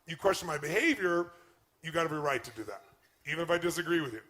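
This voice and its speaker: A man's voice: fairly high pitch, lively intonation, fast, bright, forceful tone. A man giving an emphatic motivational talk on relationships, acting out quoted speech. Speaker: motivational speaker.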